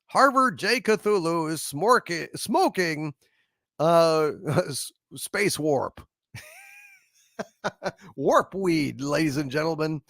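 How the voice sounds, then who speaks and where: A man with a gravelly, fairly high voice hosts a live stream and reads out viewer messages. He rambles and chuckles, with drawn-out fillers, and his pitch swings widely while his pace stays slow. The sound is dry and close to the mic. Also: animated, fairly bright tone, no room sound. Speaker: host of a live-streamed variety show. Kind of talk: casual live-stream chat reading super chats.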